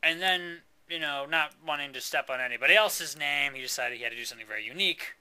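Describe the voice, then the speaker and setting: Bright-voiced rambling young man. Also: a little high, fast talker, clean tone. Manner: rambling, self-interrupting, argues with himself. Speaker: storyteller. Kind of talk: improvised comic storytelling.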